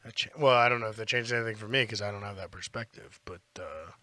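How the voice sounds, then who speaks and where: A man's voice: on the low side, fast, sharp tone. A man co-hosting a casual podcast, talking in a playful, jokey, upbeat way. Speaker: podcast co-host.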